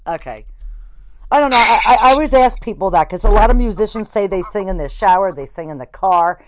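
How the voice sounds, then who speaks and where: A woman's voice: medium pitch, animated, fairly quick. A woman hosting a casual band interview, rambling along with lots of fillers like "like" and "you know.". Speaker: podcast host interviewing a band.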